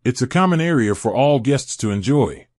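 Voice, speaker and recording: Give me a gentle, careful young pool attendant in his twenties, as a male narrator reads him. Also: medium pitch, lively intonation, moderate pace, dry recording, clean studio sound, close to an everyday voice. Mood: polite. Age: 20s.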